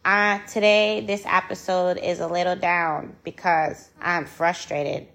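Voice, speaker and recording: Woman, vlog monologue, slow deliberate delivery, gravelly fry, angry, frustrated, repetitive, swears. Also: lowish voice, little pitch movement, a bit bright. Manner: repeats phrases for emphasis, swears freely. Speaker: vlogger.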